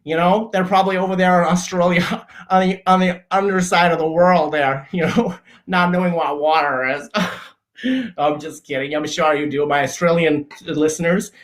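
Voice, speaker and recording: A man hosting a comedy show, explaining obvious everyday things in a mock-earnest, deadpan way, often stopping and restarting his sentences. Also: on the high side. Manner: halting, frequent restarts and self-corrections. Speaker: show host.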